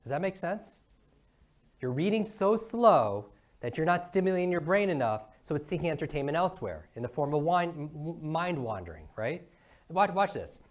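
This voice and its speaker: A man giving an energetic motivational talk, asking the audience one question after another. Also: fairly high pitch, moderate pace. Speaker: brain coach giving a talk.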